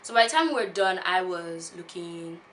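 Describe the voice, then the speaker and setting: A woman in her twenties, a beauty vlogger, telling a personal story in a casual, animated way. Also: on the low side, moderate pace, slight background noise. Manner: animated, laughs often while telling.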